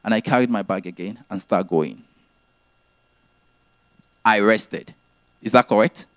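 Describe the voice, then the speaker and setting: A man's voice: on the low side, measured pace, no room sound. A man preaching a sermon, teaching earnestly and repeating his key phrases.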